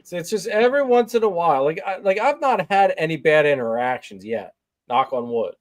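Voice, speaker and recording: A laid-back man co-hosting a podcast. His voice sits a little high, and he mostly chimes in with short, easy agreement. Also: lively intonation, brisk. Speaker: podcast co-host. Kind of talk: casual chat.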